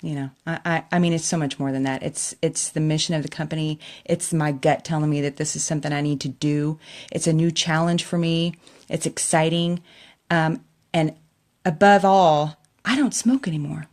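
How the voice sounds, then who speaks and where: A woman's voice: sits low, steady tone, a little fast, a little mellow. A middle-aged woman chatting emotionally to her camera while doing her makeup, laughing often. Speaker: makeup vlogger. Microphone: camera in front of her.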